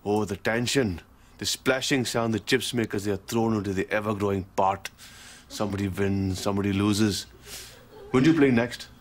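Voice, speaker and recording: An actor playing a teasing, sarcastic middle-aged shopkeeper with a Glaswegian accent, on a noisy sitcom soundtrack. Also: male voice, on the low side, moderate pace, natural voice. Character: cheeky middle-aged male corner shop owner. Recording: sitcom soundtrack, heavy background noise.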